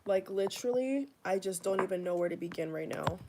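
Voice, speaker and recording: A woman's voice: mid-range voice, lively intonation, brisk, creaky, very noisy. A woman vlogging into her phone in her kitchen, upset and agitated, repeating herself and swearing as she talks to her viewers. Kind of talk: casual vlog rant. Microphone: phone camera.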